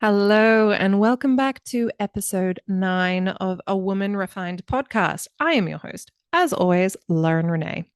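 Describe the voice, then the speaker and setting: A woman's voice: mid-range voice, expressive, a little slow, few pauses, clean tone, no room sound. Chatty woman podcast host, dry mic. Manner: chatty and enthusiastic. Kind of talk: casual podcast intro.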